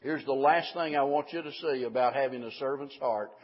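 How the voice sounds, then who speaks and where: A man's voice: mid-range voice, fairly quick, breathy edge, highs cut off. A man preaching a sermon to a congregation, building from conversational asides to fervent, emphatic declarations.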